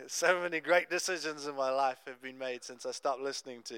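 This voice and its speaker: A young adult man preaching a sermon, telling a Bible story in a conversational, animated way with casual asides. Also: medium pitch, fairly quick, hardly any pauses, clean tone, no echo. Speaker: pastor.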